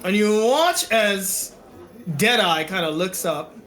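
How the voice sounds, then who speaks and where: A man narrating a tabletop game as game master, playful and animated. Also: sits high, slow.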